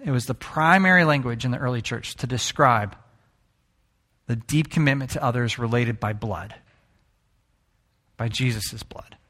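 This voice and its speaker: A man's voice: mid-range voice, normal speed, pauses often, pushed and bright. A man preaching a conversational sermon to his congregation as pastor. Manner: conversational, with playful put-on greetings.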